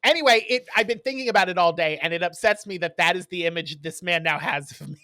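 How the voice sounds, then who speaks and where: A man co-hosting a podcast in casual chat, telling stories in an animated way and acting out what people said. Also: sits high, fast talker. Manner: animated storyteller who acts out quotes. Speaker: podcast co-host.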